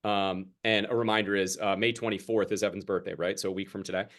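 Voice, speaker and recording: A man's voice: fairly low pitch, fairly even intonation, fast talker, fairly bright tone. A young man coaching a sales team over a video call, chatty and casual, acting out exchanges with customers. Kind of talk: sales training talk on a group video call.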